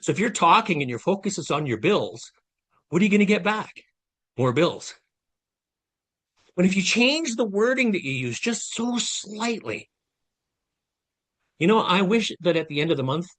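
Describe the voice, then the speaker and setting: A man's voice: a little high, lively intonation, normal speed, pauses often, a bit bright, breathy edge. A man in his late fifties giving a motivational talk over a video call, earnest and conversational as he speaks straight to his audience. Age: 50s. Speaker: guest speaker giving a masterclass.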